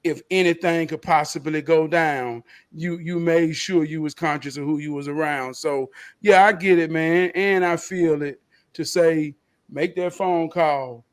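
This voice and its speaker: A man hosting a podcast, responding in a calm, reflective, encouraging way. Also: fairly high pitch, measured pace, smooth. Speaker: podcast host. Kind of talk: reflective casual chat.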